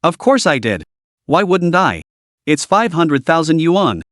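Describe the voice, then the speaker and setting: Man playing a blunt sarcastic young vendor, lively pitch, dry close mic. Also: a little slow, no room sound. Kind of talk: storybook narration.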